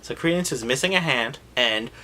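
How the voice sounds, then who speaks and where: A man giving a sarcastic, animated comedic recap of a movie, mocking the scenes and popping into quick silly voices for the characters. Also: medium pitch, slight background noise.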